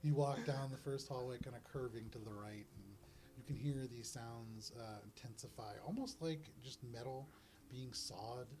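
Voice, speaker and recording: A man's voice: medium pitch, moderate pace, dark tone. A man narrating a tabletop game as game master, describing scenes and dropping into character voices.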